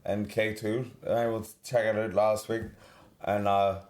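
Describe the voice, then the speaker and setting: A man's voice: fairly low pitch, level tone, measured pace, a little mellow. A man co-hosting a casual podcast, chipping in with brief, blunt remarks. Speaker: podcast co-host.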